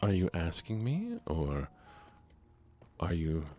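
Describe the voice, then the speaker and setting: A man streaming a game in a soft-spoken way, chatting with his viewers in a relaxed manner. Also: low voice, slow, faint music behind.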